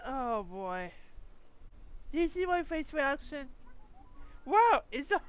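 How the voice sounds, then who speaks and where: Giggly high-voiced woman gaming. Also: very animated, takes it slowly, muffled recording. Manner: giggly, exclamatory, keeps breaking into laughter. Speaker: gameplay vlogger. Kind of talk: casual let's-play commentary.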